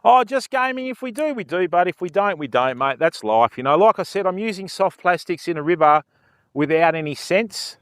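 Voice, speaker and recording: Older Aussie bloke, fishing streamer: chatty, high-pitched, clean voice, greets viewers outdoors by a river. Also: male voice, expressive, normal speed, fairly bright tone, clear, resonant tone, no room sound, studio quality. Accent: Australian. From Australia. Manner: chatty, greets viewers, fills talk with "mate" and "you know". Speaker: fishing livestreamer. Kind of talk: casual livestream chat.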